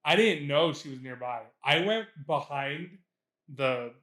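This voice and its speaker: Animated, laughing young man in echoey room. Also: on the high side, a little slow. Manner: animated storyteller, laughs at own stories, swears freely. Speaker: podcast co-host. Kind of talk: casual chat.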